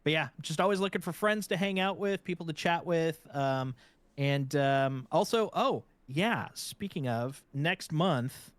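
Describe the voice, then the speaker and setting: A man who is a guest streamer in a casual chat, talking in a relaxed way with many filler words. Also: on the high side, a little slow, no echo.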